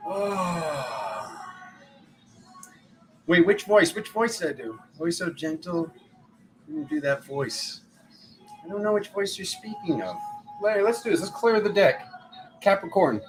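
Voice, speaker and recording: A man doing tarot readings in a casual, rambling live stream, chatty and quick to poke fun at himself. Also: high voice, lively intonation, over music, poor audio. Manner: chatty, rambling, self-mocking. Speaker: tarot reader.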